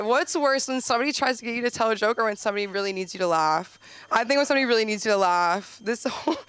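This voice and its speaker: A woman's voice: medium pitch, clean tone. A young woman from Los Angeles doing a rambling, self-deprecating stand-up set at an open mic, laughing at her own jokes and yelping suddenly. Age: young adult. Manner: heavy use of "like", sudden loud yelps. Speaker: stand-up comic.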